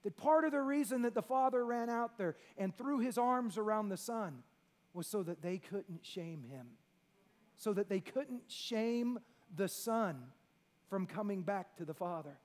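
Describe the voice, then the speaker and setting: A pastor preaching a sermon, dropping to a hush and rising to shouts. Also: male voice, very high voice. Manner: preaching with sweeping swings from hushed to shouting.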